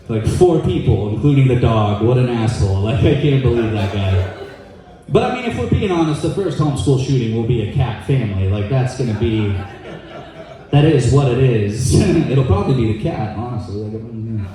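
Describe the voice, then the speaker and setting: Young male stand-up comic, dry deadpan delivery, mellow voice, echoey club sound. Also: mid-range voice, recorded from a distance. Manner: deadpan, quick asides, acts out quoted voices. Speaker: stand-up comedian. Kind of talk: stand-up comedy set. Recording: echoey room, voice off-mic.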